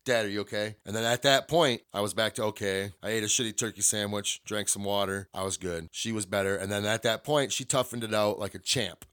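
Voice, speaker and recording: A man's voice: on the low side, a little fast, few pauses, a bit bright. A middle-aged man hosting a solo podcast, telling a personal story in a blunt, candid way with lots of swearing. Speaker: podcast host.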